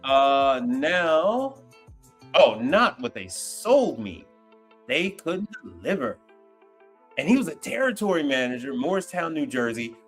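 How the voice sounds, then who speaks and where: A man hosting a casual livestream, animated and slangy, laughing often as he reacts to comments. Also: fairly high pitch, measured pace, faint music behind. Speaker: livestream host.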